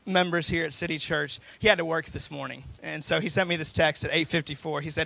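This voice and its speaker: Gravelly-voiced pastor preaching. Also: male voice, fairly high pitch, fairly even intonation, fairly quick, hardly any pauses, sharp tone. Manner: preaching with rising intensity and repeated phrases. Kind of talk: sermon.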